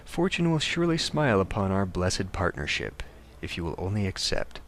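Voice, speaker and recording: A man voicing a greedy male fixer who speaks in ornate, flattering phrases. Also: deep voice, moderate pace, exaggerated voice.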